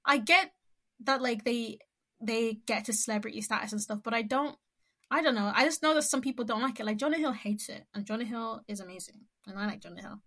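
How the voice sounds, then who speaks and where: A woman co-hosting a podcast in casual chat, talking haltingly with many restarts and fillers. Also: fairly high pitch, fairly bright tone. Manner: hesitant, full of "like" and trailing restarts. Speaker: podcast co-host.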